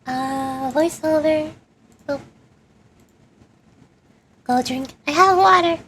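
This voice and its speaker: A woman's voice: sits high, slow pace, fairly bright tone, a little hiss or hum. A woman streamer chatting casually and giggling while playing a game. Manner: bubbly, giggly, rambling. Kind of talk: casual gaming chat.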